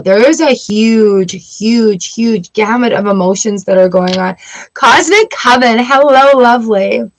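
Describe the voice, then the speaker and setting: A woman from Canada giving a live-streamed tarot reading, chatty and affirming, greeting viewers by name as she talks. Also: medium pitch. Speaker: tarot reader.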